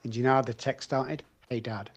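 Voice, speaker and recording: A man's voice: mid-range voice, steady tone, fairly quick. A middle-aged man, a doctor on a podcast as a guest, telling his own story bluntly and with feeling, swearing freely. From England. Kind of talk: candid personal storytelling.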